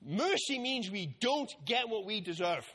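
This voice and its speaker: A man tells a Bible story to a group of children, playing out the characters as he goes. His voice sits very high and bright. The delivery is animated, with lots of swing in pitch. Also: a little slow. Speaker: children's talk leader.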